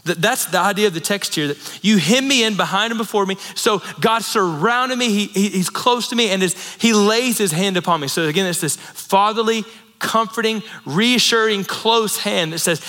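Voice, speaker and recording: Bright-voiced male pastor in reverberant hall. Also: sits high, moderate pace. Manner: conversational, storytelling with asides and laughs. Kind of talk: sermon. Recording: long reverb in a large hall.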